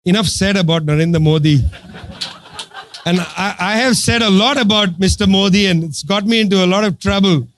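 A man's voice: sits high, normal speed, slight background noise. A man giving an impassioned political talk to an audience, sarcastic and emphatic, driving his points home through repetition. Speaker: political speaker addressing an audience.

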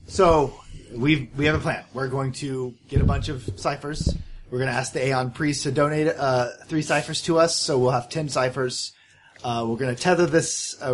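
A man at a tabletop game talks through his group's plan, often stopping to correct himself. His voice is medium-pitched, with faint room noise behind it. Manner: rambling, self-correcting planner. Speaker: player.

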